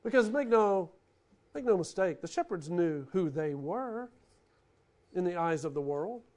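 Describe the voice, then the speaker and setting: High-voiced preaching man. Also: unhurried. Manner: animated preaching, swings from loud bursts to hushed lines. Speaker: pastor. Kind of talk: sermon.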